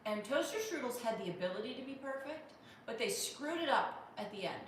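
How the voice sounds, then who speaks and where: With a high, expressive voice and a brisk pace, a Pittsburgh comedian hosts a casual livestream, reading viewer comments aloud and rambling with many restarts. She's far from the mic in a very echoey room, and a faint hum runs underneath.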